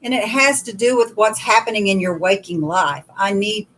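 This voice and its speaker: A woman's voice: mid-range voice, fairly even intonation, moderate pace, a bit bright. A woman co-hosting a casual spiritual livestream, explaining her dream work in an earnest way. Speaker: dream worker and co-host.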